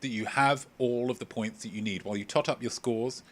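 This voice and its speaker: A man's voice: medium pitch, fairly even intonation, a little fast, few pauses, a little hiss or hum. A young man hosting a casual livestream quiz, joking and rambling as he reads out answers from viewers. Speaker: quiz host.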